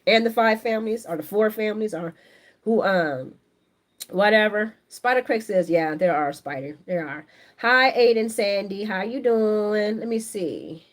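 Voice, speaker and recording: A woman of medium pitch talks a little slowly while hosting a casual live stream about soap operas. She reads comments from viewers and gives her chatty, opinionated reactions, lively and laughing often.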